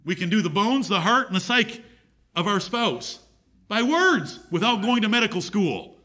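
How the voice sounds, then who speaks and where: Emphatic preacher man, lively pitch. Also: moderate pace. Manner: emphatic, repeats key phrases, reads scripture aloud. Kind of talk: sermon.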